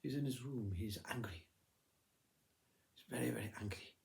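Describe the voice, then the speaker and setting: A man voicing a calm, unbothered mother who brushes off her children's worries with soothing patience. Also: medium pitch, moderate pace, creaky, lightly acted.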